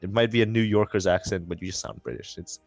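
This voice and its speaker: A man's voice: deep voice, fairly even intonation, fast, creaky, no echo, faint music behind. A young man commentating a racing livestream and interviewing a driver, in a rambling, joking manner with many fillers and restarts. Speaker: race commentator and post-race interviewer.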